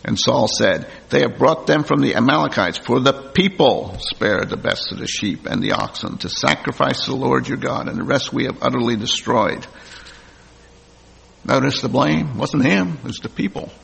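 A man's voice: mid-range voice, lively intonation, moderate pace, creaky, fairly bright tone, slightly rough. A man preaching a sermon, reading scripture aloud and then commenting plainly to the congregation. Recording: long hall reverb.

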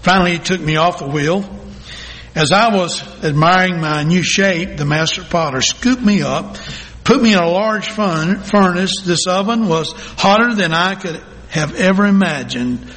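A male pastor telling a story in a sermon, reading slowly and deliberately with dramatic pauses. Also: high-pitched, fairly bright tone. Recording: long hall reverb.

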